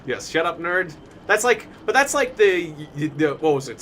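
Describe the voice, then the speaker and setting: Game streamer, male, animated delivery, rambling and giggly, light hiss in the background. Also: on the high side, measured pace. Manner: rambling, laughs often, many fillers. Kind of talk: casual live-stream chat while gaming.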